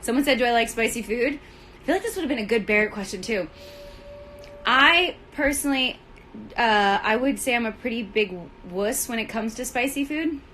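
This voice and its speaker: Her voice is on the high side, expressive and fairly bright, at a moderate pace, as she hosts a casual outdoor livestream by film-set trailers. Breathless, bubbly and rambling, she laughs often, speaking into a phone at arm's length. The recording is low quality, with a little hiss or hum.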